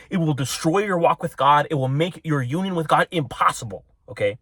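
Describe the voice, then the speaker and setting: A man's voice: on the high side, fairly quick, fairly bright tone, no echo, studio quality. A man giving a casual spiritual talk to his viewers, rambling and breaking off into tangents, often with little laughs. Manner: rambling, self-interrupting, laughs at own tangents. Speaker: religious video maker.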